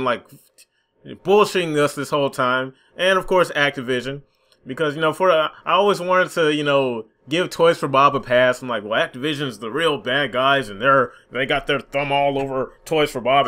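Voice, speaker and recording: A young man rants about a game release in a bright, tense voice that sits a little high. He sounds frustrated and swears freely, slipping into mocking sarcasm. It's a casual commentary vlog. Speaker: gaming YouTuber.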